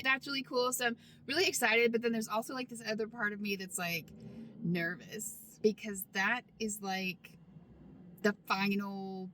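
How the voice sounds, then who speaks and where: A woman in her thirties talking openly and casually to the camera from inside her van, loud at times and quick to laugh. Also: medium pitch, slight background noise. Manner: chatty and open, with frequent laughs and quick asides; talks loudly at times. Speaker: van life vlogger. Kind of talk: casual vlog talk.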